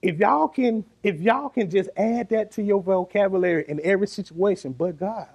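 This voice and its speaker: A man preaching a sermon, animated and lively, laughing and calling the congregation to answer back. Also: high-pitched, normal speed, husky, lo-fi sound.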